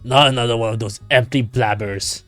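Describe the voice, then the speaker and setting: A scornful female dwarf with a put-on Scottish accent, voiced by a man, dismissive and sneering. Her lines come out sour and low, recorded close and dry with faint music behind. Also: steady tone, brisk, a bit bright, no room sound, lightly acted. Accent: mock Scottish.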